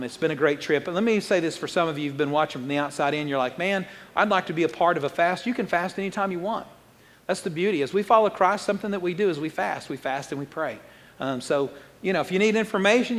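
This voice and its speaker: A man preaching a sermon as pastor, fast-talking, joking and conversational, building up excitement as he explains scripture. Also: high-pitched, big-room sound.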